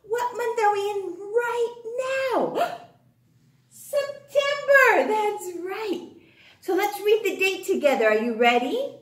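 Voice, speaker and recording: A high, lively woman's voice teaches phonics to small children at a very slow, sing-song pace. She cheers them on and gasps with delight at their answers. The room has a noticeable echo. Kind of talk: phonics lesson for young children.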